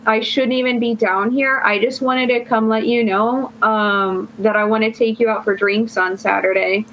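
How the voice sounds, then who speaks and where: A woman's voice: on the high side, fairly even intonation, moderate pace. A young woman guest on a podcast telling a long personal story in casual chat, rambling and filling her phrases with "like". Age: young adult. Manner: rambling, fills every phrase with "like". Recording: dull lo-fi sound.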